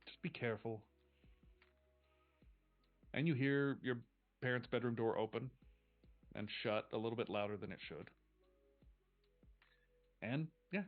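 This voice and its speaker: A man narrating as game master of a tabletop game, relaxed and halting, with many fillers. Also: lowish voice. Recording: tinny phone-like stream audio with faint music.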